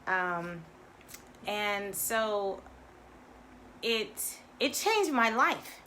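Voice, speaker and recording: A woman coach giving a live spiritual talk at a middle pitch. She repeats phrases for emphasis and addresses her viewers directly. A faint hiss sits under her voice. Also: sing-song, very slow, pushed and bright.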